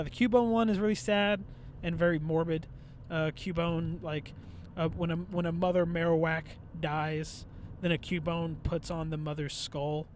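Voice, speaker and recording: A man co-hosting a podcast, chatting casually in an animated, rambling way with lots of swearing and restarts. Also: a little high, background noise. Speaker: podcast co-host. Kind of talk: casual chat. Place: outdoors at a bridge.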